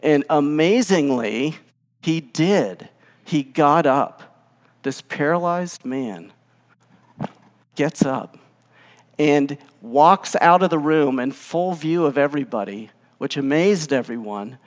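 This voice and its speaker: A man's voice: a little high, lively intonation, slow pace. A male pastor giving a casual sermon, telling the story with animation and acting out the lines he quotes. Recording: long hall reverb.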